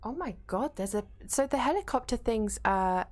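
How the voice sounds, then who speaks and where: A woman's voice: on the high side, expressive, normal speed, darkish tone. A young woman streaming a video game, chatting casually, swearing freely and reading out her chat.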